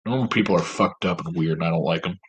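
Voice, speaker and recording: A man's voice: deep voice, fast, slight background noise. A man at home, talking straight to camera in a rambling, profane, self-mocking monologue. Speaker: vlogger.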